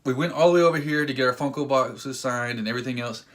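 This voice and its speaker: Casual male vlogger, average pitch, rambling and excitable delivery. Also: fast talker. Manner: excitable, rambling, acts out quotes. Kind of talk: casual storytelling vlog.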